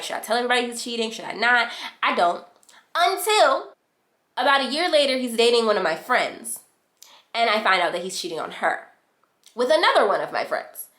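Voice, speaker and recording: Animated young woman telling a story. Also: fairly high pitch. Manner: animated, slangy, acts out quotes. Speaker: vlogger. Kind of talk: storytime chat. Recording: echoey room.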